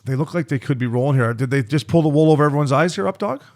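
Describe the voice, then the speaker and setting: A man co-hosting a casual sports podcast, excitable and swearing freely as he breaks down the week's hockey. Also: on the high side. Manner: profane, excitable, fast-talking. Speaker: podcast co-host, former junior hockey player.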